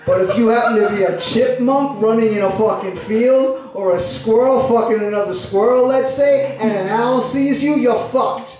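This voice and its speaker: A man's voice: extremely high pitch, moderate pace, few pauses, a crowd in the background. A man playing a crude, foul-mouthed poet who reads nature poems in a profane, ranting way on a small theatre stage. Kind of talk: stand-up character bit. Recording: echoey room heard from far off.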